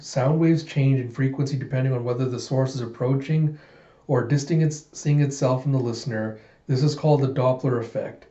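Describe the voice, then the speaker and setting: Dude reading comics out loud, mellow voice, kinda muffled echoey room, gets animated. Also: male voice, mid-range voice. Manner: animated, jumps into quick character voices. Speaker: comic book reader. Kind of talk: casual comic readthrough narration.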